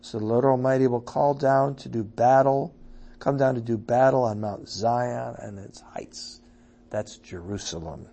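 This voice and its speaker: A man leading an evening Bible study, reading scripture aloud with quiet asides and loud, emphatic passages, often checking in with his listeners. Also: mid-range voice, a little slow, vocal fry. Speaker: Bible teacher.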